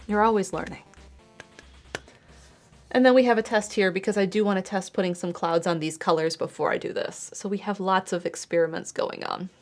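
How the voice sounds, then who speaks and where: A woman's voice: medium pitch, fairly even intonation, measured pace, long pauses, faint music behind. A young woman streaming her art, chatting casually and explaining her painting steps as she works. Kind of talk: casual chat while painting.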